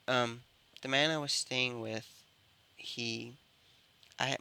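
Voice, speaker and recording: Shy lil girl voiced by a guy in a fan story, super soft and hesitant, bright crisp tone. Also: medium pitch, heavily acted. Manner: quiet, hesitant and halting. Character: small frightened young girl with a healing gift.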